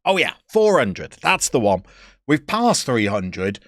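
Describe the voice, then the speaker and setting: A man's voice: mid-range voice, sing-song, slow pace, fairly bright tone, no room sound, studio quality. A British man live-streaming a football manager game, chatting casually, reading out viewers' messages and poking fun at himself. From United Kingdom. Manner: chatty, self-mocking, reads out chat.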